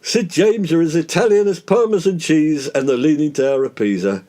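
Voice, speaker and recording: A man's voice: a little high, normal speed, mellow, lightly acted. A man playing a pompous, teasing English comic lead in a comedy pastiche, drawling his jibes.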